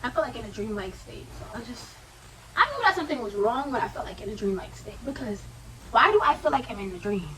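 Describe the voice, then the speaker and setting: A young woman vlogger telling a personal story in a casual, slangy, animated way, with quoted asides. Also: fairly high pitch, quick pace, recorded from a distance, heavy background noise.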